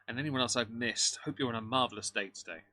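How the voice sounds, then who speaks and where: Man, livestream commentator, dry mocking delivery, bright edgy timbre. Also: mid-range voice, quick pace, dry recording. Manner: dry, mocking remarks while greeting chat. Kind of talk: live reaction commentary.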